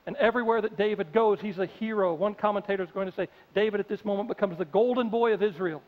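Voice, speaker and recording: A man's voice: high-pitched, fast talker. A man preaching a sermon as pastor, telling a story in a conversational way and acting out its characters. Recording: dull audio with long hall reverb.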